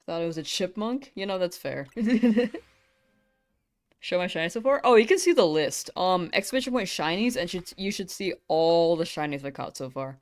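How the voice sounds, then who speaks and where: A woman's voice: on the low side, expressive, normal speed, a little mellow. A young woman from the United States chatting casually with viewers on a live game stream, giggling often between remarks.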